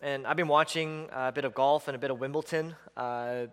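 A man's voice: medium pitch, steady tone, a little fast, clean tone, big-room sound. A male pastor preaching a sermon, emphatic, building on repeated lists and breaking into chuckles.

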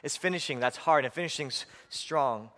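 A man's voice: fairly high pitch, moderate pace, fairly bright tone. A middle-aged man preaching a sermon as pastor in a church, urgent and earnest, with repeated phrases and frequent fillers. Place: church sanctuary. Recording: long reverb of a church hall.

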